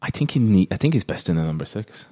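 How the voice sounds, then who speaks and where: A man's voice: deep voice, very animated, fast talker, dark tone. A Norwegian man with a Norwegian accent, a podcast panelist talking football in a hesitant, considered way. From Norway. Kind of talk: casual football chat.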